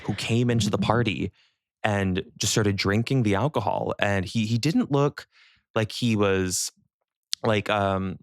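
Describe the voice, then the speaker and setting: Low-voiced man telling a party story. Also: a little slow, dry recording, studio quality. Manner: relaxed, loose storytelling with many fillers. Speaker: podcast co-host. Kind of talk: casual chat, storytelling.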